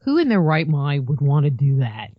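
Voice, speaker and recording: A woman's voice: low voice, sing-song, moderate pace, no room sound. A woman guest on a podcast, talking casually in a rambling way full of "you know". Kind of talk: casual chat. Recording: muffled lo-fi dry sound.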